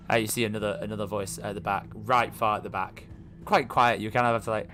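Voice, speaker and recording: Halting game master, faint music behind. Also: male voice, lowish voice, fairly even intonation, sharp tone. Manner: halting, full of fillers and restarts. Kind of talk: narrating a tabletop game.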